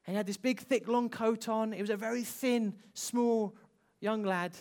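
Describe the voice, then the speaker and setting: A preacher telling an emotional story in a sermon, slowing down and dropping soft for emphasis. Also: medium pitch, steady tone.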